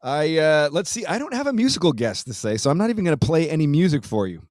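A man's voice: fairly high pitch, sing-song, fast talker, a little mellow, no room sound, clean studio sound. A man hosting his podcast, chatting casually and reading a listener's letter, loose and profane, laughing easily with frequent restarts. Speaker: podcast host.

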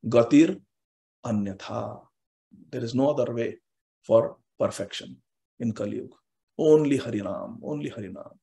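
A man's voice: mid-range voice, moderate pace, gravelly, pauses often, warm tone. A man giving a scripture class who speaks emphatically, repeats phrases for stress and chants Sanskrit verses. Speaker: scripture teacher.

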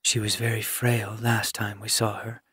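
A man's voice: medium pitch, a little slow, no echo, clean studio sound, voice pushed up, natural voice. A man voicing a proud, firm female cat queen in an audiobook, speaking with confident authority. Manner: firm, dismissive.

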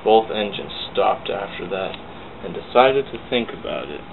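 A man's voice: lowish voice, lively intonation, normal speed. A man narrating a simple homemade children's train story in a plain storytelling manner. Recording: tinny lo-fi with hiss.

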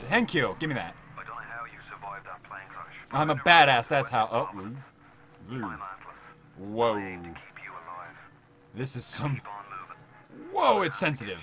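A young man doing let's-play commentary, excitable and swearing, shouting at the game. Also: medium pitch. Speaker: gaming YouTuber. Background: game sound and music.

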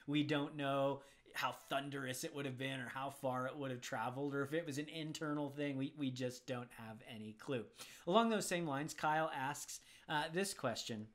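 A man teaching as he answers viewer questions about the Bible, conversational and thinking aloud. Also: mid-range voice. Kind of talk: casual Bible Q&A.

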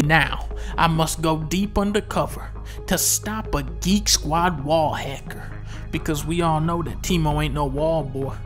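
A man giving comedic gameplay commentary, profane and mocking, dropping to low mutters and then bursting into shouts. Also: a little slow, faint music behind.

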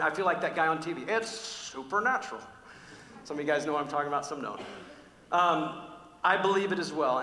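A man preaching a sermon, telling personal stories in an animated, conversational way with frequent restarts. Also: fairly high pitch. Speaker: pastor. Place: large church hall. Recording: echoey church hall with long reverb.

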